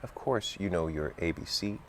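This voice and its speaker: A man's voice: sits low, lively intonation, normal speed, a bit bright, slight background noise. A man voicing the stern, bossy Red Queen, impatient and scolding in manner.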